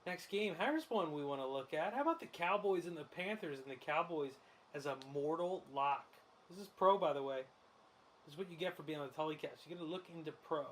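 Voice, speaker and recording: Excitable male host, fairly high voice, laughs a lot, live betting chatter over a faint hiss. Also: brisk. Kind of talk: casual sports betting commentary while watching a game.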